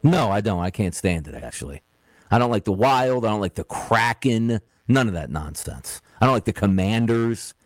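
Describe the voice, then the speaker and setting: A man with a lowish voice hosts a casual sports radio show. His pitch swings widely and he sounds opinionated and animated. The sound is dry and close. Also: normal speed, no echo. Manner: animated, opinionated, drops low when grumbling.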